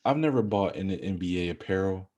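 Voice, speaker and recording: A young man co-hosting a podcast, chatting about basketball in a casual, animated, rambling way. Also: low-pitched, a little fast. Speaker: podcast co-host. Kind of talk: casual sports chat.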